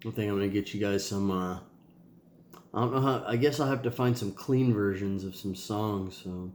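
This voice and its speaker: Nasal, tired dad in an echoey room. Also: male voice, lowish voice, normal speed, darkish tone. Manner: rambling, loose, with many ums and sighs. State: tired and sore. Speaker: father recording video messages for his kids. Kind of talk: casual video diary.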